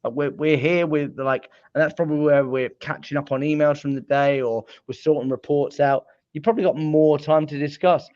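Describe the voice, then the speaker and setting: A British man talking sales on a video call, blunt and chatty, with lots of filler likes and quick restarts. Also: on the high side, fairly even intonation, a little mellow, dry recording, highs cut off. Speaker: sales guest. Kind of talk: casual panel chat.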